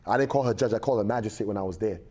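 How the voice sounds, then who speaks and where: A man's voice: lowish voice, very fast, a little hiss or hum. A man as a podcast guest, telling a story in casual chat and acting out the voices of the people in it. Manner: animated, acts out quoted voices.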